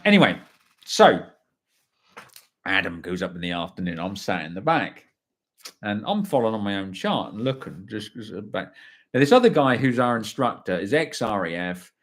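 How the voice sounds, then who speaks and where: A man's voice: low-pitched, fairly bright tone. A man, telling a story on a livestream and reading out viewer comments, chatty and blunt, swearing freely. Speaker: livestream host.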